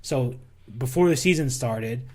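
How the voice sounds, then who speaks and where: A man's voice: mid-range voice, a little slow, dark tone. Rambling man telling sports stories. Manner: rambling storyteller, swears casually. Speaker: podcast co-host. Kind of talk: casual sports chat.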